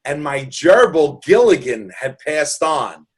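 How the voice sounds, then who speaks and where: A man's voice: fairly high pitch, big pitch swings, takes it slowly, slightly rough. A man in his sixties from New York City, telling stories in an interview in an earnest, joking way with many restarts. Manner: earnest, jokey, rambling with restarts. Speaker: guest. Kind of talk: casual interview storytelling.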